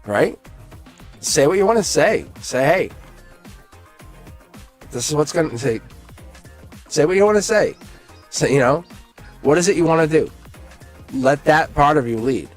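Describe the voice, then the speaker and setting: A man giving a live-stream tarot reading, excited and rambling, with frequent laughs and restarts. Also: a little high, unhurried, pauses often, soft background music. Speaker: tarot reader.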